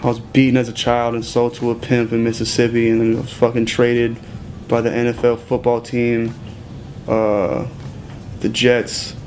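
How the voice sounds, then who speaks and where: Soft music plays behind this young interview guest as he tells loose, profanity-filled stories and keeps breaking into laughter. He speaks at a moderate pace in a monotone, with a medium-pitched, somewhat dark voice.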